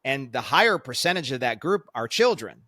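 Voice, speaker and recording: Bright, emphatic man hosting. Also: mid-range voice, very animated, a little fast, dry recording, clean studio sound. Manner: emphatic, motivational, preaching to peers. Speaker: guest host. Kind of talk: podcast interview.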